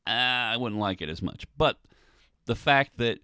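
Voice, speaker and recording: A man's voice: medium pitch, expressive, unhurried, bright, forceful tone, clear, resonant tone, no room sound, studio quality. A man hosting a solo podcast, talking casually in a rambling way with many ums and restarts. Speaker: podcast host.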